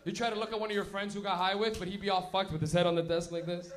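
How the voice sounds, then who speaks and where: A man's voice: sits high, flat delivery, rapid-fire. A young man doing a profane stand-up set, laughing through his stories at a live show. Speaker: stand-up comedian. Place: live show venue with audience.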